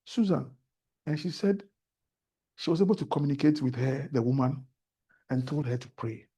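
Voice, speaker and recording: A Ghanaian man speaks as a talk-show guest, turning his stories into earnest preaching about faith. His voice is mellow and soft, with a slight husk to it. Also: mid-range voice, expressive, normal speed, breathy edge.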